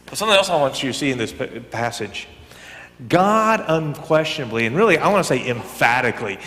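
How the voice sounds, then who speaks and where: Higher-voiced man preaching in an echoing hall. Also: very animated, fairly quick. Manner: conversational, swings between loud emphatic bursts and quiet near-whispers. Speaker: pastor. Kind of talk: sermon. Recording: long hall reverb.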